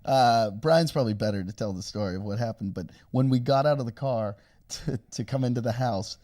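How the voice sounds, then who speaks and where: A man's voice: medium pitch, brisk, dark tone. Man telling a rambling, profane story. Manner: rambling, profane anecdote with chuckles. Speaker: comedian and podcast co-host. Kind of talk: casual podcast storytelling.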